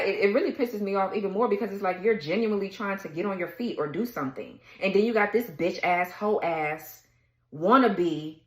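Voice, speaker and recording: A woman's voice: mid-range voice, echoey room, rough recording. A woman giving a tarot reading in a blunt, heated rant, cursing freely and laughing between her words. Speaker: tarot reader. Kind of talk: casual ranting tarot reading.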